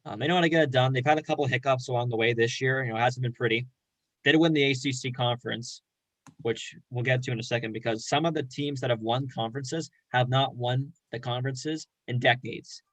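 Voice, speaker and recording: A man co-hosts a casual sports chat. He makes his picks with easy confidence and a bit of slang. His voice sits at an everyday middle pitch and sounds dry and close, with no room around it. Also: steady tone, brisk, a bit bright, no echo, rough recording. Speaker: co-host.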